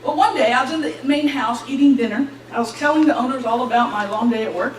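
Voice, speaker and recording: A young woman giving an animated church testimony, acting out the voices in her story and laughing between lines. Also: a little high, fast talker. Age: young adult. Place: church hall. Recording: echoey hall, distant mic, faint hiss.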